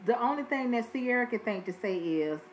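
A woman's voice: on the high side, lively intonation, a little fast, dull audio, slight background noise. A woman giving a casual, blunt and profane review of a reality TV episode from her home recording space. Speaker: reality TV recap vlogger.

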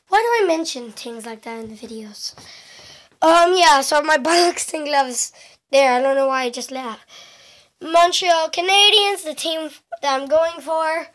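High-voiced giggly home vlogger woman. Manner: giggly, excitable, chatty with frequent mild exclamations. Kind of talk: casual vlog chat. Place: at home indoors. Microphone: handheld camera.

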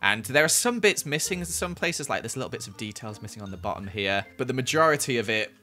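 A young man giving casual, excitable commentary over his gameplay in a voice-over. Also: medium pitch, fast, soft background music. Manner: chatty and excitable, exclaims a lot. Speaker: gaming YouTuber.

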